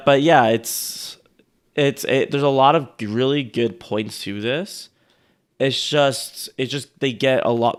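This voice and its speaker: A man co-hosting a casual chat, rambling and restarting his sentences, quick to laugh. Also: medium pitch, clean tone. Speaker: co-host reviewing sales outreach.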